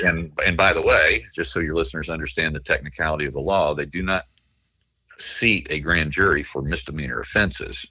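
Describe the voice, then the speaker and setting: A man speaking as a guest journalist over the phone, tired from lack of sleep, talking haltingly with many restarts. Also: deep voice, sharp tone, dull audio. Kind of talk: phone interview.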